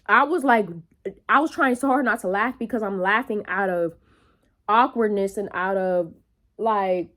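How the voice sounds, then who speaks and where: In her vlog, a young woman spins an animated, casual story, cursing freely and breaking off for brief asides to the audience. Her pitch is mid-range.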